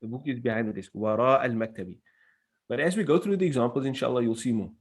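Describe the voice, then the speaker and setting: A man's voice: medium pitch, rapid-fire, breathy edge. Man, grammar teacher, patient, step-by-step explanation, reads out Arabic phrases. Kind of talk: classroom grammar lesson.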